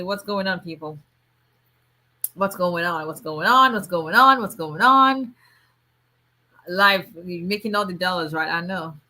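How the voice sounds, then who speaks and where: Lady hosting a live stream, lowish voice but bright and forceful, chatty, says hi to everyone. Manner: warm chatty greetings, frequent restarts and fillers. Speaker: immigration attorney hosting a livestream. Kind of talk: casual livestream chat greeting viewers.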